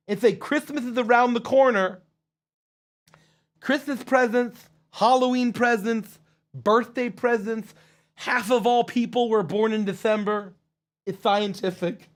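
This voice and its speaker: A man's voice: extremely high pitch, measured pace. A man hosting a casual live stream Q&A, reading out viewer messages with jokes and swearing. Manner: joking and profane, thanking viewers.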